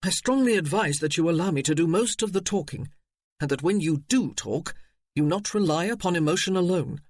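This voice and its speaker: A man's voice: fairly high pitch, expressive, a little fast, dry recording. A man voicing a stern, protective young officer in a storybook reading. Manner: stern, firm.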